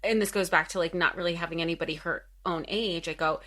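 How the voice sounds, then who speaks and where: A woman's voice: on the low side, fairly even intonation, fast talker, few pauses, bright, forceful tone. A woman co-hosting a podcast, chatting animatedly about a movie. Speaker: podcast co-host. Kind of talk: casual film discussion.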